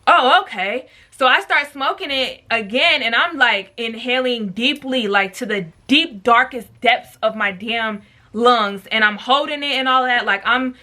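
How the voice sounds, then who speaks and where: A woman's voice: on the high side, measured pace, pushed and bright. A young woman telling a storytime vlog in a chatty, slangy way, full of fillers and talking straight to her viewers. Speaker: storytime vlogger.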